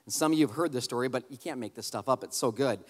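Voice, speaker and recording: A man preaching a sermon, telling a humorous family story in an animated, conversational way and addressing the crowd directly. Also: medium pitch, rapid-fire, big-room sound. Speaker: pastor.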